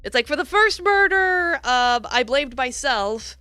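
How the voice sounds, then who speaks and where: A woman's voice: high voice, animated, measured pace, pushed and bright, clean tone, dry recording. A young American woman streaming a story game, chatting casually, giggly and self-mocking. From United States. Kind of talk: casual gameplay commentary.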